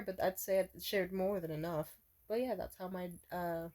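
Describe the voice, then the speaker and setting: A woman's voice: mid-range voice, a little mellow. A young woman chats through a storytime vlog, rambling and looping back on herself with plenty of fillers. She swears bluntly and breaks into laughter often, her tone loose and unpolished. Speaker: vlogger.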